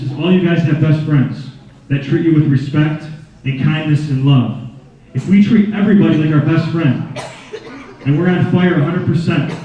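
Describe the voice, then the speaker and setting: A man speaking to schoolchildren at an assembly, lively and acting out scenes, calling the kids "guys" as he talks into a handheld mic. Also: fairly high pitch. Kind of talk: animated storytelling talk to children. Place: school gym or assembly hall. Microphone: handheld microphone. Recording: echoey hall from far off, dull sound.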